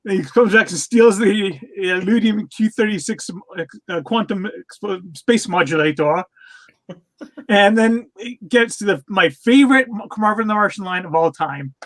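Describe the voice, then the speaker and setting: High-voiced rambling man on a podcast. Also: moderate pace, few pauses. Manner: rambling with many fillers and restarts, laughs often. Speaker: podcast co-host. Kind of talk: casual chat reviewing cartoons.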